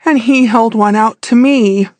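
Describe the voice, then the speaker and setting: A woman narrating a classic mystery audiobook in the first person, with a measured storytelling delivery. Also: on the high side, a little mellow, no echo.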